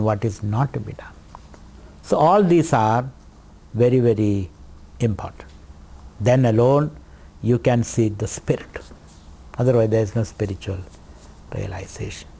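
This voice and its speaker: A swami teaches scripture to a retreat group. His delivery is slow and deliberate, circling back over key words. His voice sits at an ordinary male pitch. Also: dark tone. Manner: slow, deliberate teaching with repetitions and light laughter. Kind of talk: spiritual lecture.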